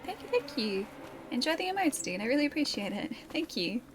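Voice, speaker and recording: A woman's voice: high-pitched, sing-song, a little fast, noisy background. A woman streaming a video game, joking with her chat in casual commentary. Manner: playful, jokey banter with chat. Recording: game music underneath.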